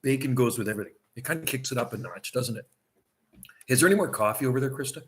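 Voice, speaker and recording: A man's voice: medium pitch, rapid-fire. A middle-aged man chatting casually on a livestream from a seaside vacation home, rambling and laughing often.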